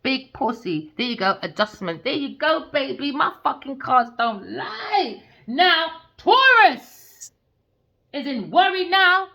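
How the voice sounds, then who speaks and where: A young woman giving an angry, confrontational tarot reading, swearing freely and swinging between loud outbursts and low muttering. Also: big pitch swings, measured pace, gravelly, hardly any pauses. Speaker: tarot reader.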